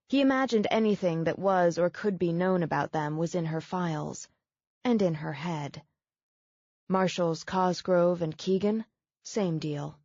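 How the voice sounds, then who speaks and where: A woman narrating a novel in a measured, steady way. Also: on the low side, dry recording, dull audio. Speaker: audiobook narrator. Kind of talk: scripted audiobook narration.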